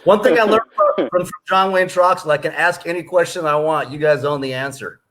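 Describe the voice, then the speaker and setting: A man hosting a casual talk show, speaking in an excited, teasing way. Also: a little high, fairly quick. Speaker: host. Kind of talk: casual chat.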